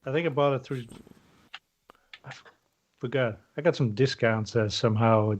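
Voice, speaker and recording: A man of middle pitch co-hosting a gaming podcast. He talks in a relaxed, easygoing way and hedges his points with plenty of fillers. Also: moderate pace. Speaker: podcast co-host. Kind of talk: casual chat.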